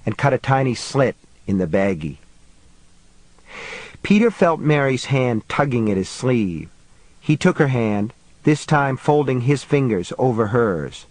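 A man reads a novel aloud in a steady, measured voice at a middle pitch. The recording is close and completely dry, like a booth read. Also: dry recording, poor audio. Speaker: audiobook narrator. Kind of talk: scripted narration.

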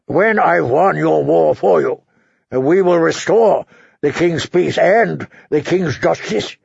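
A man voicing a cold, commanding older lord, speaking in a slow, measured, authoritative way on a dull, dry recording. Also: on the high side, creaky, darkish tone, husky, no room sound, exaggerated voice.

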